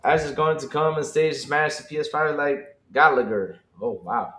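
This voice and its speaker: A man co-hosting a casual gaming livestream podcast, talking to the chat, excitable and given to repeating his phrases. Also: on the high side, moderate pace, reverberant. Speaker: podcast co-host.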